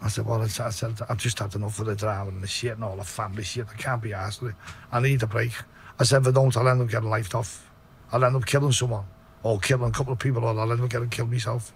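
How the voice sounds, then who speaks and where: A man's voice: level tone, fast, vocal fry, slight background noise. A middle-aged man with a Liverpool accent, telling his story in a blunt, sweary interview. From Liverpool, England. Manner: blunt, sweary, low-voiced retelling. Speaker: podcast guest.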